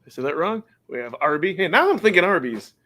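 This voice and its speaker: A man's voice: a little high, very animated, fast, bright, forceful tone, a little hiss or hum. A man hosting a casual podcast chat, chatty and laughing often, sometimes stumbling over names. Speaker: podcast host.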